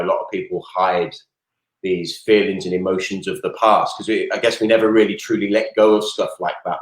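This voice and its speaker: Male podcast host with a very deep voice, musing reflectively, roomy sound. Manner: reflective, thinking aloud with hedges. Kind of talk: casual interview chat.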